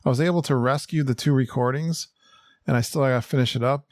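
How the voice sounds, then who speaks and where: Man, podcast host, casual upbeat chat, medium pitch, dry close sound. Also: quick pace, a little mellow, no room sound. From Connecticut, USA. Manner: upbeat, chatty, laughs often.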